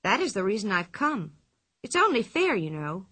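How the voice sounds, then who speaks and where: A woman's voice: medium pitch, big pitch swings, normal speed, pushed and bright, no echo. A woman reading a storybook aloud, voicing a bold, cheeky young girl in a brash, indignant manner.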